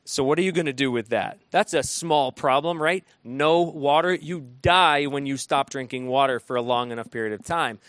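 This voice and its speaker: A man's voice: medium pitch, moderate pace, hardly any pauses, a bit bright, no echo. A man preaching a sermon in a conversational way, often restarting his sentences and acting out quotes. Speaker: pastor.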